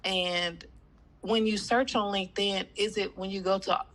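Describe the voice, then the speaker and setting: A woman's voice: mid-range voice, fairly even intonation, measured pace, fairly bright tone. A woman with a slight cold, talking in a rambling way with many fillers as a student on a video call. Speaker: student in a coaching class. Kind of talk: casual chat.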